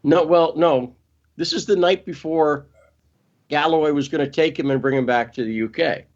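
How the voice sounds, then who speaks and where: A man's voice: a little high, moderate pace, dull audio. A man as an interview guest, talking casually and emphatically, often restarting and correcting himself.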